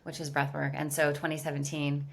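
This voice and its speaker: Speaking a little fast in a low, gravelly voice with little pitch movement, this Californian business founder is a guest on a laid-back podcast. She recounts her story openly and with energy, peppering it with "like."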